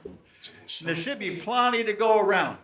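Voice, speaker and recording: A man's voice: high voice, a little slow, crowd noise, low-quality recording. A man speaking as a folksy cowboy storyteller, giving a playful chapel talk to children at camp. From Oregon.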